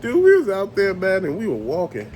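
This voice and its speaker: A man's voice: sits high, huge pitch swings, fairly quick, a little mellow, slight background noise. A man telling a creepy story in a casual, profane way, acting out sounds and other people's voices. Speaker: storyteller host.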